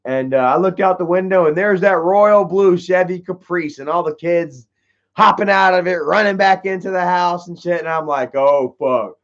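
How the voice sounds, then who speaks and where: High-voiced man telling profane stories. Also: normal speed, fairly bright tone, highs cut off. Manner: rambling, heavy swearing, frequent "you know" and "bro". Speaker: livestream host answering chat. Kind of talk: casual profane storytelling.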